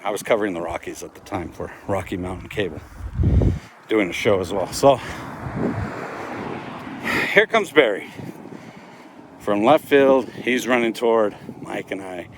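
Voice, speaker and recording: A man's voice: on the low side, background noise. A middle-aged man casually telling a story to his video channel at home, with a chatty manner and a habit of adding "all right?". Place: at home, dogs barking nearby.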